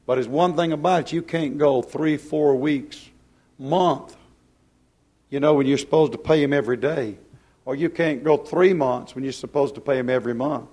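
A man preaching a plain-spoken, folksy sermon, swinging from loud to hushed. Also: fairly high pitch, moderate pace, breathy edge.

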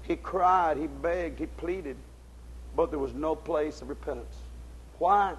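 Husky, high-voiced preacher man. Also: takes it slowly, rough recording. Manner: swings between shouted exhortation and low intense tones; folksy, ungrammatical speech. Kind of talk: fiery sermon.

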